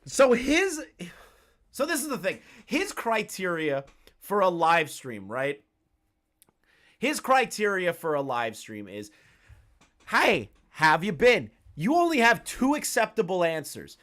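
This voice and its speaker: A man's voice: high-pitched, wildly swooping pitch, a little slow, fairly bright tone. A young man streaming a profane reaction commentary, ranting in disbelief with lots of swearing and frequent laughter. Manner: incredulous ranting, swears a lot, laughs often.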